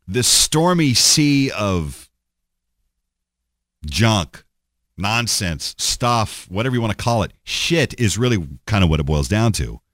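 A man's voice: medium pitch, no room sound, clean studio sound. A middle-aged man hosting his own podcast, talking in a rambling, sardonic way with many restarts and fillers. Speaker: podcast host. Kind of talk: solo podcast monologue.

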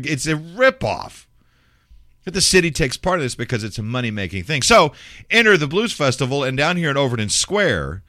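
A man's voice: medium pitch, fairly bright tone, no room sound, studio quality. A middle-aged man from Memphis, a radio host ranting bluntly and profanely in casual talk. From Memphis, Tennessee. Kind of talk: casual rant.

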